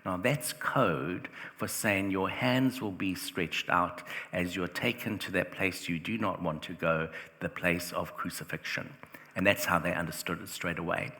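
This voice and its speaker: A deep-voiced man delivers a sermon with a forceful, bright edge to his speech. He talks conversationally and leans on "like" and rhetorical questions. The sound rings with the long reverb of a church hall. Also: fairly even intonation, unhurried. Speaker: preacher.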